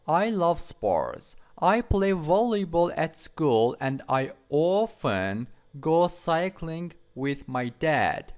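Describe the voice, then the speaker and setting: A man reading the part of a schoolboy introducing himself, read slowly from a textbook. The voice is a touch high and rises and falls a lot.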